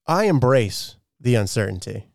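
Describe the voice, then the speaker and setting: A man co-hosting a casual book-chat podcast, loose and profane, laughing easily as he talks. His voice is a middling pitch, recorded dry and close with no room sound. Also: sing-song, moderate pace, vocal fry, darkish tone, no echo. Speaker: podcast co-host.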